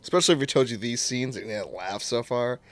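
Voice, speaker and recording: A man's voice: medium pitch, fast, fairly bright tone, no room sound. A man co-hosting a casual podcast, animatedly retelling scenes between laughs. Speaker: podcast co-host. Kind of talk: casual chat.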